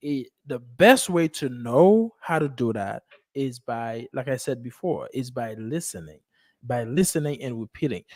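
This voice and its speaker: Male English teacher, slightly high voice, dry close sound, patient live-lesson coaching. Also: a little mellow, no room sound. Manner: coaching, repeats phrases slowly, mixes Haitian Creole and English.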